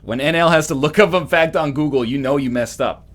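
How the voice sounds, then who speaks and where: A Canadian man with a rather high voice talks briskly while hosting a let's play. His casual gaming commentary rambles and jokes, full of animated storytelling.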